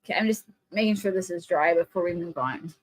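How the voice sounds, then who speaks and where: Speaking fast in a lowish voice, an Ohio woman paints on her craft livestream, greeting viewers by name and drifting through lively, rambling anecdotes.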